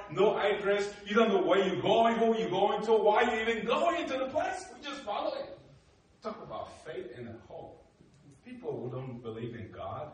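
Animated man from Africa, echoey hall. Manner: animated, acts out dialogue with rising emphatic pitch. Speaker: speaker telling his life story. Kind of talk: storytelling talk. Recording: echoey hall from a distant mic.

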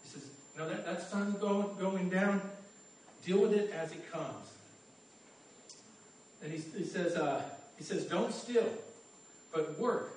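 A man's voice: high-pitched, slow, pauses often, a little mellow. A man preaching a sermon as pastor, earnest and conversational, often repeating his first words as he goes. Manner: stammering repetitions, earnest and conversational. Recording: echoey room from far off.

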